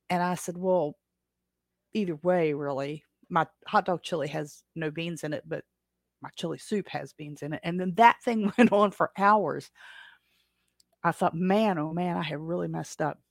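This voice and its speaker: A woman's voice: on the low side, dry recording, clean studio sound. A woman hosting a casual livestream chat, rambling along with frequent self-corrections and small laughs. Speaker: podcast host.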